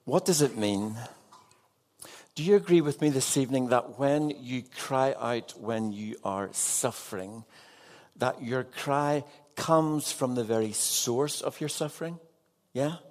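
Male pastor, mid-range voice, unhurried sermon delivery, earnest, questions the congregation. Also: medium pitch, darkish tone. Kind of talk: evening sermon.

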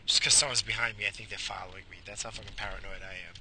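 A man's voice: fairly low pitch, fairly even intonation, fast talker, hardly any pauses, sharp tone, a little hiss or hum. A man podcasting while he drives, rambling crudely and profanely into a head-mounted mic. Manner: profane, rambling, mock-theatrical. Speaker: podcast host. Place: car, driving.

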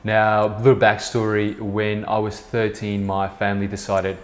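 A man's voice: on the low side, completely flat delivery, moderate pace, soft background music. A man in his thirties from South Africa with an Afrikaans accent, talking casually and rambling with many fillers on his own podcast. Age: 30s. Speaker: podcast host, business co-founder. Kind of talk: casual solo podcast talk.

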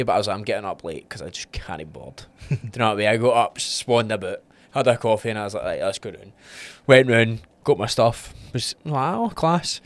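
A Scottish man telling lively stories on a podcast, voicing other people's lines with plenty of laughter. His voice sits at an ordinary male pitch, and the sound is dry and close with no room around it. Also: dry recording. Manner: animated storyteller who acts out quotes and laughs often. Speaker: podcast co-host. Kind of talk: casual chat.

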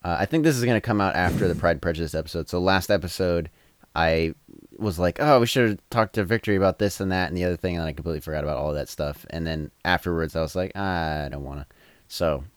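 A man co-hosting a podcast in casual chat, wry and dry, often trailing off quietly. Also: deep voice, quick pace, no echo. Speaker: podcast co-host.

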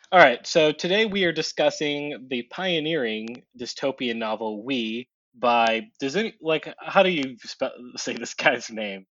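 A man's voice: medium pitch, lively intonation, slow, a bit bright, no room sound. Rambling man hosting a book podcast. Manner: rambling, profane, laughs often, lots of fillers. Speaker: podcast host. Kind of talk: casual book podcast chat. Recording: dull dry lo-fi audio.

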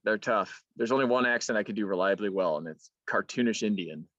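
Deadpan very low-voiced woman. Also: fairly quick, no room sound, highs cut off. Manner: dry, deadpan joking. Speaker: podcast co-host. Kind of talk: casual chat.

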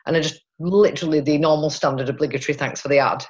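A woman's voice: sits low, steady tone, quick pace, a little mellow, lo-fi sound. A woman from Yorkshire with a Yorkshire accent, chatting casually as a guest and laughing often. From Yorkshire, England. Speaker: guest, recruitment body representative. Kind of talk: casual conversation.

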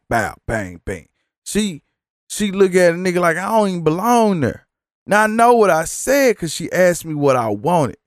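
A man hosting a podcast, telling a profane, animated story while sick and tired, mocking the people he quotes. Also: medium pitch, no echo, clean studio sound. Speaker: podcast host. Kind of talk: casual storytelling monologue.

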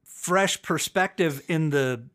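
A man co-hosting a podcast, chatting casually in a rambling, profane, animated way. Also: fairly high pitch, slow pace. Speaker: podcast co-host. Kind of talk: casual chat about wrestling.

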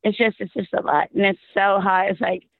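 A woman from Texas calling into a show, her voice hoarse and worn out, rambling and exasperated with frequent laughs. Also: medium pitch, steady tone, fairly quick. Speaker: caller. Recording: tinny phone line.

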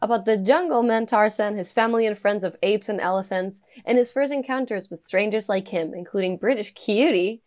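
Young woman co-host, mid pitch, relaxed and jokey, quick to laugh. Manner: laughs often, swears casually. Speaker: podcast co-host. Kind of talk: casual chat reading film credits.

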